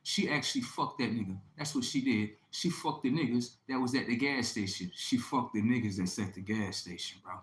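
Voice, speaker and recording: A man's voice: mid-range voice, fairly quick, hardly any pauses. A man in his thirties telling a crude story in a brash, profane monologue, often checking in with "right?". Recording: echoey room.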